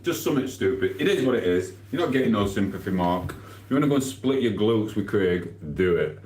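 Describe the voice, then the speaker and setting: Man, Sheffield accent, deep voice, live stream chatter, rambling jokey banter, echoey room. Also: animated, fairly quick, darkish tone. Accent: Sheffield, Yorkshire. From England. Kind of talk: casual live stream chat reading comments.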